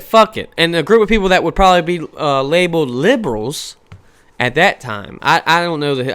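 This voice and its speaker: A man in his thirties ranting on a casual podcast, swearing freely and firing off rhetorical questions. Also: fairly high pitch. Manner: profane, animated, rhetorical questions. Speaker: podcast host. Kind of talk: casual rant.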